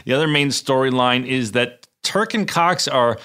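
Podcast co-host, male, bright and forceful, loose rambling recap. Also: medium pitch, moderate pace, smooth. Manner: rambling, with fillers and restarts. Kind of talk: casual episode recap chat.

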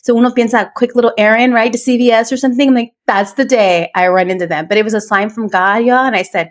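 A woman in her forties co-hosting a casual chat show, telling animated stories and switching between English and Spanish. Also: a little high, fast talker, hardly any pauses. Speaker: podcast co-host.

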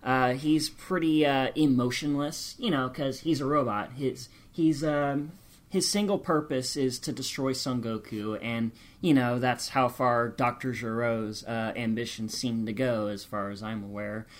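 A man speaking as a podcast co-host in relaxed chat, calm and explanatory, often hedging with qualifiers. His voice sits at a middling pitch for a man. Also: measured pace. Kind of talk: casual chat.

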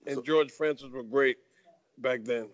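An older man from New York, a retired boxer guest, telling lively stories with many fillers. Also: mid-range voice, a little slow, muffled recording. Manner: animated anecdotal talk with fillers. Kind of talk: casual interview storytelling.

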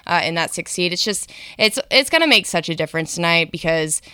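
A woman's voice: on the low side, animated, brisk, sharp tone, smooth, no echo. A woman co-hosting a sports podcast, chatting casually about basketball, hedging often with fillers.

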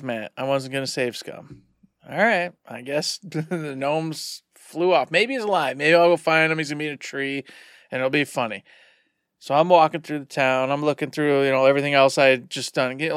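Animated man with a smooth voice. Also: fairly high pitch, dry recording, clean studio sound. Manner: animated, rambling retelling with filler words. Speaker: podcast co-host. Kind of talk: casual storytelling.

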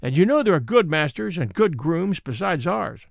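A man's voice: on the high side, big pitch swings, normal speed, creaky, no room sound, clean studio sound. A man voicing a wise, good-natured little male pony in a storybook, speaking earnestly and reasonably.

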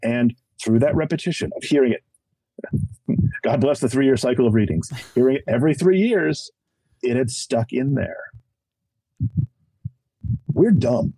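A middle-aged man speaking as a podcast guest, his husky, mellow voice swinging widely in pitch as he preaches with emphasis. He pokes fun at himself along the way. The sound is close and dry. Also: animated, a little slow, pauses often, no echo, low-quality recording. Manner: self-deprecating humor. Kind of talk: animated conversational testimony.

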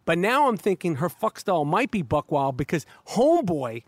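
Podcast host, man with a high voice, animated and profane, talking outdoors in a backyard. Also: moderate pace, dry recording. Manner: rambling, profane, stammering restarts, animated. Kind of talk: casual podcast chat. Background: dog barking.

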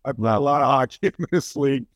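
Older male interview guest, lively storyteller, medium pitch, dead dry recording. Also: fast talker, dry recording, muffled recording. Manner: animated storytelling, many restarts. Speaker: former hockey player guest.

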